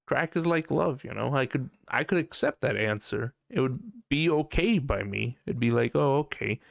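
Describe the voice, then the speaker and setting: A man's voice: mid-range voice, expressive, normal speed, gravelly, no room sound, studio quality. A young man hosting a casual podcast, ranting profanely with a lot of laughter. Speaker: podcast host.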